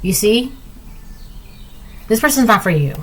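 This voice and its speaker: A woman's voice: big pitch swings, measured pace, fairly bright tone, slight background noise, poor audio. A woman giving a casual tarot reading, rambling and chatty, with lots of "like" and "right?". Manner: acts out quoted lines in a higher voice. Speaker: tarot reader.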